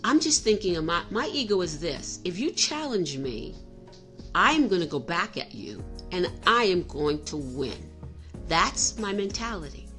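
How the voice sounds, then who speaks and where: A woman's voice: on the low side, very animated, measured pace, fairly bright tone, faint music behind. Candid middle-aged woman telling a story. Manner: candid, self-reflective, frequent restarts. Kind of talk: personal storytelling monologue.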